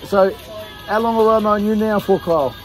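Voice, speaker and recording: Music plays under this Australian man in his thirties as he vlogs casually with mates at a nighttime campsite. He speaks at a moderate pace in a high-sitting voice, jokey and teasing, laughing often.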